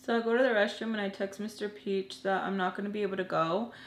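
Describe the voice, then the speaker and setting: A woman in her twenties tells a personal story to her viewers in a casual, earnest way. She stops and restarts often and fills her pauses with "like". The room sounds roomy, with a faint hum underneath. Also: medium pitch, fairly even intonation. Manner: halting, full of "like" and restarts; earnest and emotional. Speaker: storytelling vlogger.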